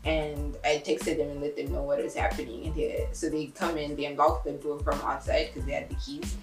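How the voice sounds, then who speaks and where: A woman's voice: brisk, roomy sound, over music. A young woman casually telling a story, acting out the voices of everyone in it and laughing as she goes. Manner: animated, acts out quotes with big pitch jumps and laughs. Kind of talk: casual anecdote.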